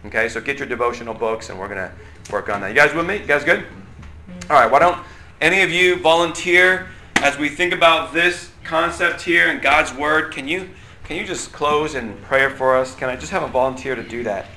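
A man's voice: a little high, brisk, pushed and bright. A man leading a casual Bible lesson, chatty and often checking in with the class. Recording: roomy echo, faint room noise.

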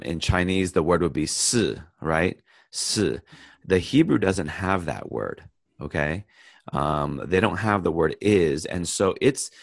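A US Bible study teacher with a low, creaky voice and no room sound leads a casual lesson on a video call, sharing his screen. He begins in prayer and then explains a verse in an unhurried, think-aloud style full of pauses, fillers and restarts.

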